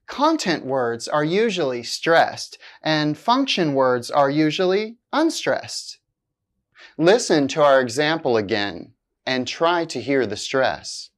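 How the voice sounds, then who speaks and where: A woman teaching English, reading a scripted lesson slowly and deliberately, with exaggerated stress on key words. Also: low voice, big pitch swings.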